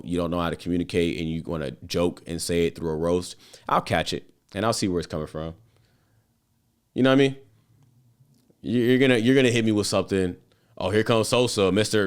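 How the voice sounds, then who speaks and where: A man's voice: deep voice, smooth. A man hosting his own show, talking loosely and casually with lots of slang, fillers and swearing. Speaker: podcast host. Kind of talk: casual motivational monologue.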